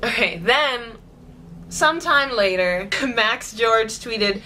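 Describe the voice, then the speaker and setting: A woman vlogging in casual chatty storytelling, giggly, excitable and gushing. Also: a little high, takes it slowly, slight background noise.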